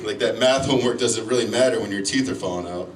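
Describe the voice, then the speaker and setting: A man's voice: fairly low pitch, fast talker, heavy background noise. A man doing a stand-up comedy set, telling crude, self-mocking stories. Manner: crude, self-mocking storytelling with loud owl-call yells. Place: comedy club stage. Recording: echoey club from far off. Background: crowd laughter.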